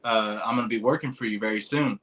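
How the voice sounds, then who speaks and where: Excitable young man telling a story. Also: on the low side, fast talker. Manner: animated, acts out quoted voices, rambling with restarts. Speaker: podcast host telling a story. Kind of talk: casual storytelling chat.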